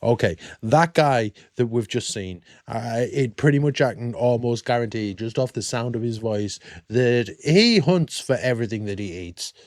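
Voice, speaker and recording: A British man hosting a casual reaction video, chatty and quick to laugh. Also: medium pitch. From Britain.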